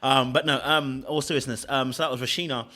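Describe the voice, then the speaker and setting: A man casually reviewing a reality dating show, animated, laughing, and often checking in with "okay? all right?". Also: medium pitch, fast talker.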